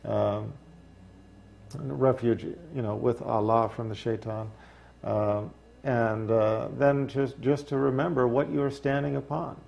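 A man speaking as an interview guest, reflective and unhurried, with dry humor and frequent fillers. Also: medium pitch, steady tone, creaky, a little mellow. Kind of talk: casual interview talk.

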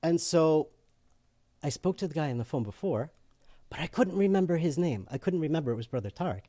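A man's voice: a little high, fairly quick. A man telling his conversion story casually, acting out the people he quotes and laughing as he goes. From eastern United States. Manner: animated, acts out quoted voices, laughs often.

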